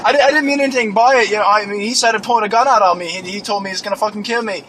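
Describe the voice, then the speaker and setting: A man's voice: high voice, rapid-fire, fairly bright tone, slight background noise, rough recording. A young man improvising a crude, clueless young British man who rambles, stammers and swears constantly, with a put-on British accent. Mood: rambling. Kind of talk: improvised comedy monologue.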